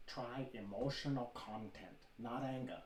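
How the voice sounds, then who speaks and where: A man putting on a calm, philosophical male martial arts master, quoting him slowly and deliberately. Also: mid-range voice, natural voice. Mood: measured. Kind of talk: casual impression in podcast chat. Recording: roomy room, faint noise.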